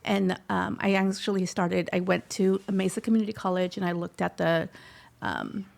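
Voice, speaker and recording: A woman's voice: fairly low pitch, animated, moderate pace, gravelly. A middle-aged woman telling her personal story in an interview, heartfelt, slipping Spanish phrases into her English. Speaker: scholarship recipient guest.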